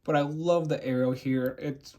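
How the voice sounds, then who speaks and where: A man's voice: mid-range voice, fairly even intonation, moderate pace, warm tone. A young man casually showing and rating his custom toy figures, rambling with frequent fillers and restarts. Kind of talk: casual show-and-tell.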